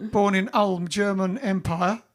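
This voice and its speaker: A man's voice: high voice, steady tone, a little slow. A man from England hosting a live stream, chatting casually and reading out viewer comments with jokes. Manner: chatty, jokey, reads comments aloud.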